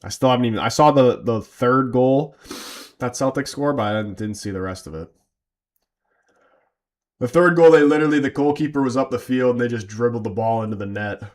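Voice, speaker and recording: Male fan streamer, tired, casual chat plus play-by-play calls, slangy and relaxed. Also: mid-range voice, fast, few pauses. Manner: loose, chatty, slangy. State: tired from little sleep. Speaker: fan watch-along streamer.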